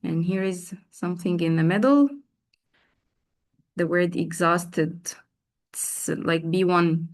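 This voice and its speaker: Woman, teacher trainer, slow unhurried delivery, drills words by repeating them, video call. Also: on the low side. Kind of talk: online teacher training session.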